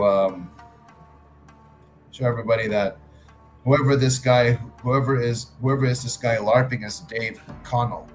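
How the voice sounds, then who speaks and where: A man's voice: mid-range voice, low-quality recording. A man hosting a livestream, arguing his point with frequent restarts and some swearing. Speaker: livestream host. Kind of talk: casual livestream commentary.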